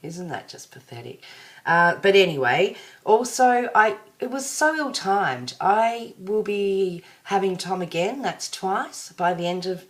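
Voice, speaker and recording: A woman's voice: medium pitch, expressive, a little slow, few pauses. An Australian woman chatting to her viewers in a casual vlog, rambling and self-deprecating. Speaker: vlogger.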